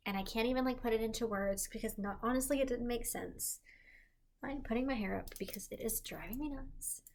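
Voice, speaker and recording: A woman's voice: on the high side, a little fast, a little mellow. A pregnant young woman talking casually to camera, rambling and full of "like" fillers as she restarts her sentences. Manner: rambling, heavy use of "like", self-correcting. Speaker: pregnancy vlogger. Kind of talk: casual confessional vlog.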